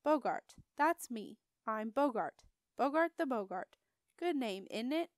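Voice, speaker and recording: A grumbling, dutiful marsh creature with a deep gurgling drawl, as a woman reads him aloud. He clips his word endings and mutters short answers. The sound is dry and close. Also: expressive, measured pace, no echo. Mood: grumpy. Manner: grumbling, clipped dropped endings. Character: grumpy male marsh creature, furry, dutiful.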